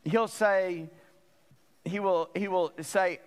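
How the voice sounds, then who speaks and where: Higher-voiced preacher in reverberant church. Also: male voice, measured pace, clear, resonant tone. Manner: emphatic, repeats phrases for stress. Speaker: pastor. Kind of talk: sermon.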